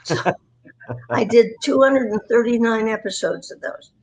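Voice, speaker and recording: Chatty woman in her nineties, slightly high. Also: a little slow, rough recording. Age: 90s. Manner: lively, rambling anecdotes with self-deprecating humor. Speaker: guest, voice performer. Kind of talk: chatty storytelling interview.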